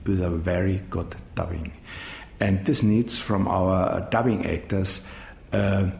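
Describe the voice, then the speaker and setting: A middle-aged man speaks English with a German accent, pausing often to find his words. His voice sits very low. The recording is echoey, with a faint rumble behind him. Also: creaky, a little mellow. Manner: halting, searching for English words with many ums. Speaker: managing director of a dubbing studio. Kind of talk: interview answers.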